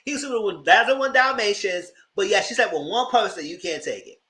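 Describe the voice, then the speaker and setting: A man's voice: high voice, lively intonation, fast talker, hardly any pauses, sharp tone. A man with hosting a casual live TV review, talking in slang, laughing often and acting out characters' lines. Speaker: host.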